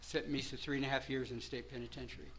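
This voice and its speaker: Bright-voiced older man telling his story. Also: medium pitch, fast talker, slight background noise, poor audio. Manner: rambling storyteller, grows animated and laughing. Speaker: speaker at a recovery meeting. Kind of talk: personal recovery story.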